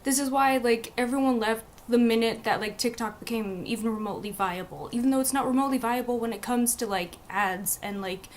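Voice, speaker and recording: A young woman talking casually to her live stream viewers through a webcam. Her voice sits fairly high, and she swears and stumbles over false starts. A faint room hum runs underneath. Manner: frustrated, swearing, halting restarts. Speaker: livestreamer.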